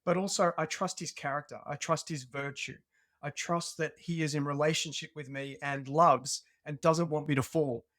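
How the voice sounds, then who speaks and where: A man with an Australian accent, a podcast guest telling a personal story in an earnest, animated way. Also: fairly high pitch, moderate pace, dry recording, studio quality. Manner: earnest and animated, acts out remembered dialogue. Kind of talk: conversational storytelling.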